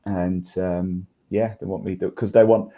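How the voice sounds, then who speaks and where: Deep mellow British man. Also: a little slow. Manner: relaxed, enthusiastic storyteller. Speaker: podcast co-host. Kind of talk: casual podcast chat.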